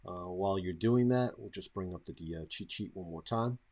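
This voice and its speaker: A man's voice: low-pitched, brisk, darkish tone. A man hosting a live webinar and reading out viewer questions, with a hesitant delivery full of fillers. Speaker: webinar host. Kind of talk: moderating live Q&A.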